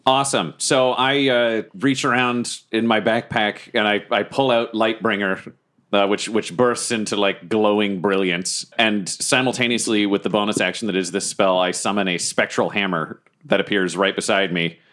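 A man's voice: fairly low pitch, moderate pace. A man playing in a tabletop game, casually and playfully describing his character's actions and calling out his rolls. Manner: animated and playful, declaring actions and dice rolls. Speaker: player.

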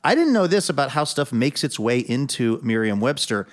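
A man from the US Northwest hosting a radio show, chatty and quick to laugh. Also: medium pitch, big pitch swings. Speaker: host.

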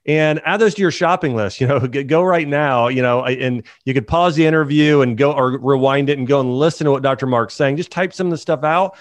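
A man's voice: medium pitch, a little fast, hardly any pauses, no room sound. A man hosting a podcast, enthusiastically encouraging his listeners. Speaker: podcast host. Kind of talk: podcast interview.

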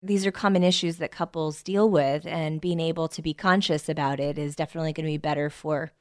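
Woman podcast host asking questions, kinda low voice, dry close sound. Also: steady tone, a little fast, no echo. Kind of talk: podcast interview.

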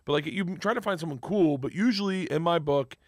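A middle-aged man telling stories in casual podcast chat, rambling, with bursts of loud laughter. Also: on the high side, brisk, no room sound, clean studio sound. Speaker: comedian guest.

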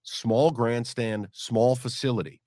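Male podcast host, mid-pitched, relaxed rambling delivery, dry close mic. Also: slow, dry recording. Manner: loud, punchy ad read then relaxed, rambling chat. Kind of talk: casual chat and host-read ad.

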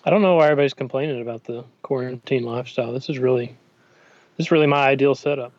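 A man's voice: medium pitch, racing. A man co-hosts a casual sports podcast from home, talking with dry, wry humor. His remote feed sounds dull and lo-fi, dry and close, without room echo. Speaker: podcast co-host.

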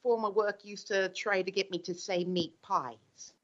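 A woman's voice: medium pitch, fairly even intonation, moderate pace, highs cut off. A woman from Australia with an Australian accent, chatting bubbly and laughing easily as a podcast guest over a remote call. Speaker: guest paranormal investigator. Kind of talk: casual podcast chat. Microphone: remote call mic.

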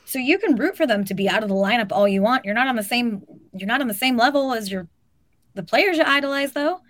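A woman's voice: a little high, animated, fast, a bit bright, no room sound. A woman co-hosting a casual sports talk show, speaking emphatically and peppering her points with "like". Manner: emphatic, talks with filler "like". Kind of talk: casual opinionated chat.

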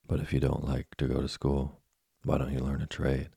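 A patient old philosopher cricket from a bedtime storybook, read by a man in a very deep, gravelly voice. He lectures calmly and slowly for a sleep story, with a dark, husky tone. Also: no echo, clean studio sound, exaggerated voice. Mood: calm, admonishing. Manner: calm, unhurried admonishing.

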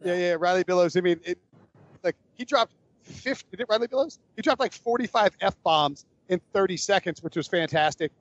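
A man's voice: sits high, a little fast, no echo, lo-fi sound. A man hosting a casual sports podcast, rambling and joking, often correcting himself mid-sentence. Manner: rambling, self-correcting, jokey. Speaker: podcast host.

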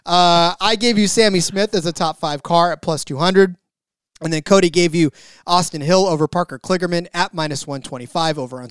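A man co-hosting a sports betting podcast, excitable as he reads out bet lists, stammering at times. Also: high-pitched, clear, resonant tone, dry recording, studio quality. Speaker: podcast co-host. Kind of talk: casual sports betting chat.

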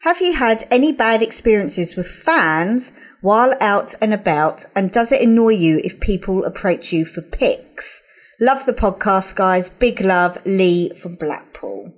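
A woman's voice: mid-range voice, animated, unhurried. A woman co-hosting a podcast, chatty in casual talk, reading listener questions and reacting readily. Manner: chatty, reacts often, laughs easily. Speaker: podcast co-host. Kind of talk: casual chat.

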